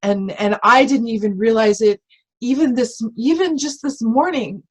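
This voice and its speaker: A woman's voice: a little high, moderate pace, husky, poor audio. A woman who is a spiritual reverend, a guest speaking earnestly and from the heart in a casual spiritual conversation, often restarting her sentences.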